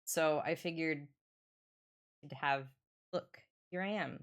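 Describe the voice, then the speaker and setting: A woman's voice: low-pitched, takes it slowly. A young woman streamer chatting casually with her viewers, joking and swearing. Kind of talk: casual livestream chat.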